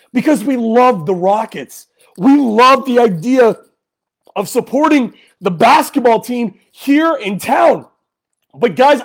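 Man, angry sports podcast host, high voice, swooping pitch, slow deliberate ranting, bursts of yelling. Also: slightly rough. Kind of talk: heated fan rant.

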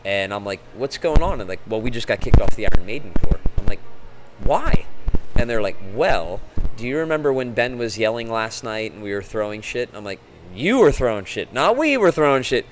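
A middle-aged man telling a long, animated road story as a guest, acting out other people's voices and laughing often. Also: lowish voice, quick pace, noisy background. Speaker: musician guest. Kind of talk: casual storytelling.

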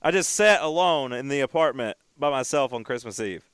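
A man's voice: medium pitch, expressive, a little fast, fairly bright tone, smooth, no room sound, studio quality. A man co-hosting a casual chat, telling stories in a rambling way and often stumbling over and repeating his words.

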